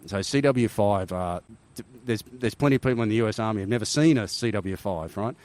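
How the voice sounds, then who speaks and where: Deep-voiced Australian man telling stories. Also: fairly quick, darkish tone. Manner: rambling with restarts and frequent "right?" tags. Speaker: podcast guest, army helicopter veteran. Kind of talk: casual interview storytelling.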